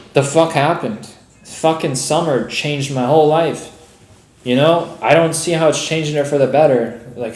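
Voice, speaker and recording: A man's voice: mid-range voice, darkish tone, roomy sound, slight background noise. A man ranting on a live trading stream in casual talk, frustrated, swearing heavily and calling his viewers bro and dude.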